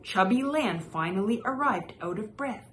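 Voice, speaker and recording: A woman reading a children's picture book aloud in a gentle, expressive way as the regular storyteller of her show. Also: mid-range voice, moderate pace, a little hiss or hum.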